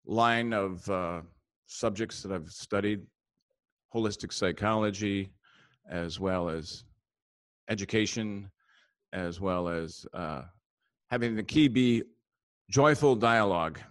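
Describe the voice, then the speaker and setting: A man's voice: lowish voice, fairly bright tone, no room sound, clean studio sound. A man, a comedian guest, chatting in a rambling, joking way with many fillers. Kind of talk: casual interview chat.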